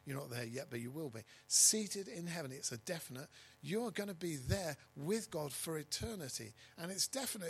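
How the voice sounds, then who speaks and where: Husky pastor, a little high-pitched, preaching with emphatic stresses and soft asides. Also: male voice, expressive, normal speed, few pauses, poor audio. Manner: emphatic, swinging between loud stresses and quiet asides. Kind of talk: sermon.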